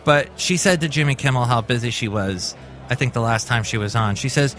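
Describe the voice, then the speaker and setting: A man's voice: medium pitch, a little fast, fairly bright tone, soft background music. A man hosting a casual commentary show, rambling and correcting himself as he goes. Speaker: host.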